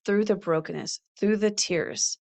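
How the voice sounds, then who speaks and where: Slow, earnest woman podcast host. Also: mid-range voice, creaky, a little mellow. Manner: earnest, preacherly, reads scripture aloud. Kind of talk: faith-based motivational talk.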